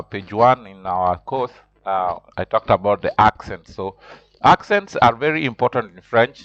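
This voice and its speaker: A man teaching a beginner language lesson, hesitant with many fillers and restarts, repeating words slowly and carefully. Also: mid-range voice, no room sound, highs cut off. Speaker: French teacher.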